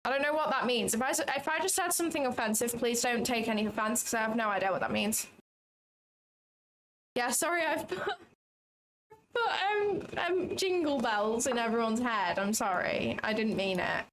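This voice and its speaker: A woman's voice: fairly high pitch, animated, normal speed, a bit bright, a little hiss or hum. Chatty woman thinking aloud while trading. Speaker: trading livestream host. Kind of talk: live commentary while trading.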